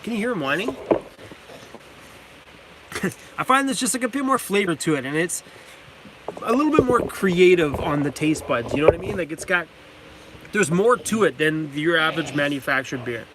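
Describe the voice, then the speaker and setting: Van-life host, man, high and animated, casual chatty livestream energy, faint van hum behind. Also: moderate pace, long pauses, over a noisy crowd. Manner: chatty, laughs often, talks to his dog. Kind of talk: casual livestream chat reading viewer comments. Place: inside a cargo van.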